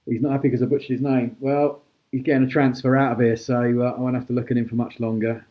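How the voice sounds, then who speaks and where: A man hosting a live-stream auction, chatty and brisk as he calls out prices and thanks bidders. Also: mid-range voice, flat delivery, muffled recording. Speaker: host auctioning cards.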